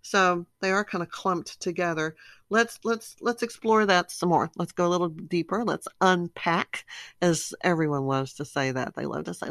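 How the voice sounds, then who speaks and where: A woman's voice: fairly low pitch, moderate pace, a bit bright, dry recording. A middle-aged woman speaking casually and telling stories with animation, acting out her own reactions as she explains personality disorders.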